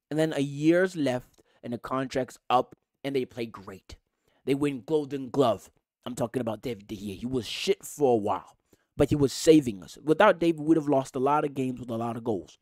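A man with a mid-range voice hosts a podcast, ranting angrily about football with heavy swearing and emphatic repetition. The recording is dry, with no room sound.

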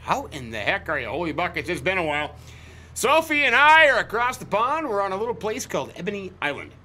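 A man hosting a farming game video, chatting in character with folksy, jokey storytelling and quick exclamations. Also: high-pitched, very animated, bright, forceful tone. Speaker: gaming channel host. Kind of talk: in-character let's-play commentary.

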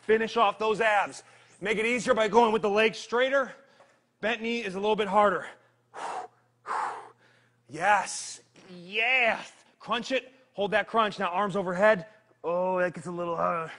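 High-pitched and unhurried, this fitness trainer leads a live workout full of energy and jokes. He counts down reps while straining through the exercises himself.

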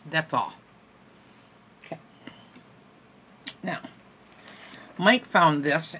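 A woman's voice: low-pitched, pushed and bright. An older woman in casual, rambling chat, showing items from a store haul at home and joking at her own expense. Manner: chatty, rambling, self-deprecating. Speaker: haul vlogger. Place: home room.

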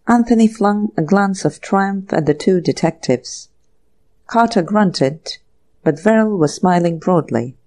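A woman narrating a mystery audiobook in an even, measured storytelling manner. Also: mid-range voice. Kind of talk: scripted narration.

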